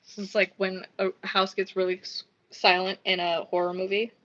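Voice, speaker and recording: A livestreaming crafter with a mid-range, fairly bright voice chats casually at a moderate pace and level tone while she crafts. She rambles, swears freely, and mutters counts under her breath, and the stream audio is dull and lo-fi.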